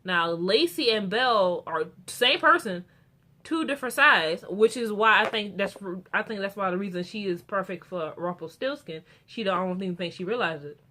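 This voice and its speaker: A woman's voice: medium pitch, normal speed. A young woman recapping a TV episode in a casual, rambling way, full of restarts and fillers. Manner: gets excited and animated about the characters. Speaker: TV show reviewer.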